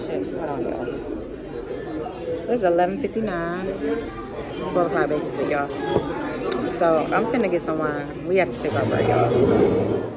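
A woman chatting casually in a home vlog, talking straight to her viewers as she films herself on a phone. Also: lowish voice. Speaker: vlogger.

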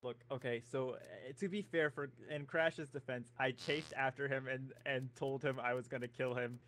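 A man's voice: medium pitch, steady tone, normal speed, a bit bright. A man telling friends what happened in a round of an online game. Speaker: player in a group game. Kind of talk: casual gaming chat.

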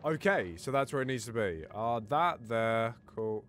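A man playing a horror game with friends and commenting excitedly, swearing often and talking to himself. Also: mid-range voice, normal speed, noisy background. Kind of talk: let's play commentary.

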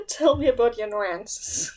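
A woman's voice: on the high side, lively intonation, slow pace, a crowd in the background. A woman co-hosting a podcast in casual chat, playful and giggly, rambling a little. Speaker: podcast co-host.

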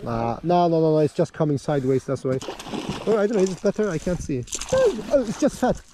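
A man's voice: fairly high pitch, big pitch swings, brisk. A man filming himself fishing from a small boat outdoors, talking to viewers in a hyped, playful, chatty way. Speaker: fishing vlogger. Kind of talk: excited on-the-water commentary. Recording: outdoor boat noise behind voice. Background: water and boat noise.

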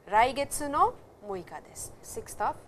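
A woman's voice: high-pitched, sing-song, normal speed, a little hiss or hum. A woman teaching a language lesson in a patient, explanatory way, repeating key words as she goes. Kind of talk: recorded classroom lecture.

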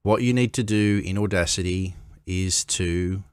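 A man walking through a game editor tutorial, measured and step by step, with small pauses as he goes. His voice is very low and he talks slowly. The sound is close and dry. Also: clean tone, dry recording. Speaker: game editing tutorial maker. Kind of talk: screen-recorded software tutorial.

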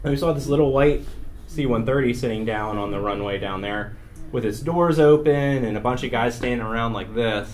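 A man's voice: medium pitch, moderate pace. Wry man telling stories to a crowd. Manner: wry, laughs through his own stories. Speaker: photographer giving a talk. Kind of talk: humorous storytelling presentation. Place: art gallery room before an audience. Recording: noisy room recording.

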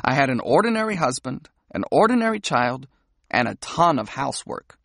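An audiobook narrator with a husky, gravelly voice tells the story in an intimate first-person way. The pitch moves a lot from line to line. The sound is dry and close. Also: very animated, normal speed, a bit bright, no room sound.

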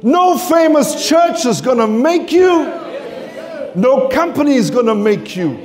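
South African male preacher, high and very animated, unhurried delivery, faint congregation behind. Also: some chatter behind. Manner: impassioned, swings from shouts to low murmurs. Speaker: pastor. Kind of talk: preaching a sermon. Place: church sanctuary with congregation.

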